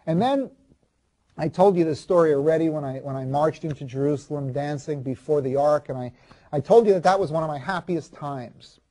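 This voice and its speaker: A man playing a proud ancient king in a first-person monologue, confiding and halting, restarting and repeating his words. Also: fairly high pitch, dark tone, natural voice. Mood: brooding. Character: proud ancient king recalling his marriage, self-justifying.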